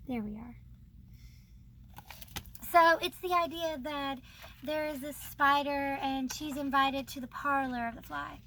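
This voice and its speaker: Woman, high voice, bubbly casual chat, frequent laughs, book host. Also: steady tone, takes it slowly, fairly bright tone, slight background noise. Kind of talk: casual chat about books.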